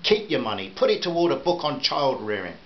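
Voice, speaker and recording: A man doing a furious sharp-tongued mother. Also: medium pitch, animated, fairly quick, dull audio, slight background noise, lightly acted. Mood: angry. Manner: snapping, raised voice.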